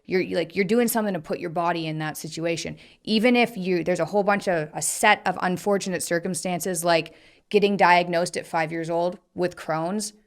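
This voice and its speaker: A woman hosting a casual conversation, frank and animated, with many filler likes. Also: lowish voice, moderate pace.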